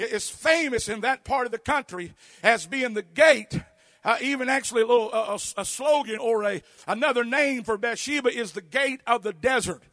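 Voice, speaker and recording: A man preaching a fervent sermon, shouting in bursts and punctuating with amen. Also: very high voice, no room sound, clean studio sound. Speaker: pastor.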